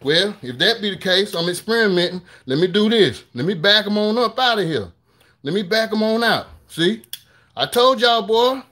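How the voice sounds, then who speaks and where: A man hosting a live cooking stream in his home kitchen, talking straight to viewers in a hurried, repetitive way. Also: sits high, lively intonation, sharp tone. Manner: hurried, talks straight to viewers, repeats himself. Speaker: cooking show host. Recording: sizzling pan noise behind.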